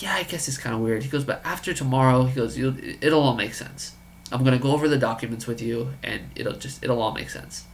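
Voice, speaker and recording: A man telling a story about a friend's business pitch in a casual, incredulous way, acting out the dialogue. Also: fairly bright tone, slight background noise. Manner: incredulous, quoting others in dialogue.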